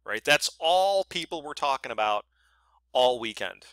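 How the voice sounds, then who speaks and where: In a screen-share trading tutorial, a man with a medium-pitched, slightly bright voice speaks unhurriedly with lively intonation, and there's no room sound. The trading educator is blunt, profane and emphatic, sounding annoyed and repeatedly asking "right?" to make sure the viewer follows.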